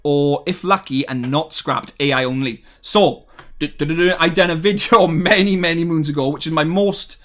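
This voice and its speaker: A man's voice: fairly high pitch, moderate pace, a bit bright. A man hosting a casual livestream, reading viewers' chat messages aloud and answering in a chatty, friendly way with many fillers and restarts. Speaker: streamer reading live chat.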